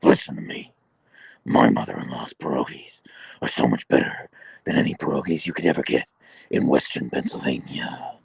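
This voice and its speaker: A man doing a deep growling Batman voice. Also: no room sound, exaggerated voice, rough recording. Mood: menacing. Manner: low gravelly growl, slow and menacing. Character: gruff growling male caped vigilante, grim and intense.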